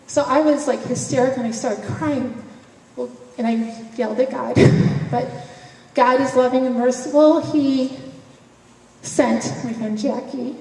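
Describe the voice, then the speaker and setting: A woman's voice: high voice, fairly even intonation, unhurried, darkish tone. A woman giving a personal testimony at an event, emotional and conversational, often laughing between phrases. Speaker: speaker sharing a personal story. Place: event hall. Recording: echoey hall, voice from far off, faint noise.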